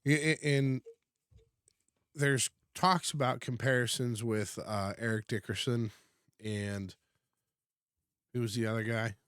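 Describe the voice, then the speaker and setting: A man's voice: mid-range voice, fairly even intonation, takes it slowly, pauses often, a bit bright, clear, resonant tone, dry recording, clean studio sound. A man co-hosting a casual podcast from a converted garage, talking in a rambling way with frequent restarts. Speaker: podcast co-host. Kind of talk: casual chat.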